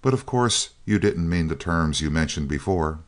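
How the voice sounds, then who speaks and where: A man's voice: deep voice, animated, moderate pace. A man reading the lines of a grim male business chief, blunt and businesslike, in an audiobook.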